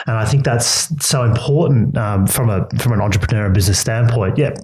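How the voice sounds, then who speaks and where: A man with a fairly low voice hosts a conversational podcast. He reflects on what his guest has shared and thinks aloud in long, meandering sentences. He keeps a supportive tone throughout. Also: fairly quick, darkish tone, a little hiss or hum, rough recording. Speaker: podcast host. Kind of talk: conversational interview.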